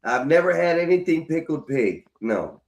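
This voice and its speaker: A man's voice: on the high side, sing-song, normal speed. Dry teasing man hosting a chat. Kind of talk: casual call-in chat.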